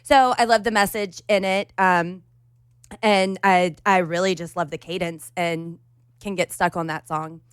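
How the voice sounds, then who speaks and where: A woman's voice: fairly low pitch, unhurried, clear, resonant tone, no room sound, studio quality. A woman co-hosting a podcast, chatting casually and emphatically. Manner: animated, emphatic. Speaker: podcast co-host.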